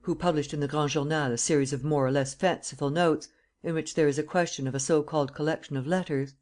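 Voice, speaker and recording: A man's voice: on the high side, steady tone, fast talker, a little mellow, natural voice. A man reading the part of an impatient, imperious tall visitor who speaks with a foreign accent, curt and commanding.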